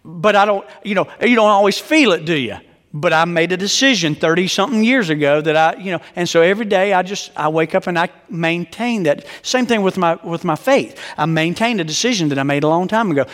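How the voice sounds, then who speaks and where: Middle-aged male pastor, high-pitched, emphatic storyteller, sermon in a reverberant hall. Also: a little fast, fairly bright tone. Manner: conversational, joking, emphatic storyteller. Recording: long reverb of a large hall.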